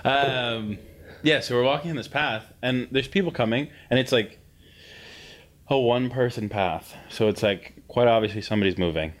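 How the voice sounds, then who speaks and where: A man's voice: medium pitch, moderate pace. Swearing, ranting Canadian man. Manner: swears a lot, ranting and laughing. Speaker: podcast co-host. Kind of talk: casual chat.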